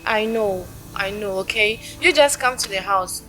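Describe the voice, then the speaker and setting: A woman's voice: mid-range voice, moderate pace, music in the background, lightly acted, rough recording. A Ghanaian woman playing a young woman who coaxes and soothes a heartbroken male friend. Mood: coaxing. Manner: coaxing, soothing.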